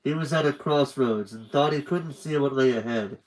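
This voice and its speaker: A man reads a book aloud on a livestream. His voice sits at a middling pitch for a man, and his storytelling is steady and earnest. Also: moderate pace, poor audio. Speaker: reader.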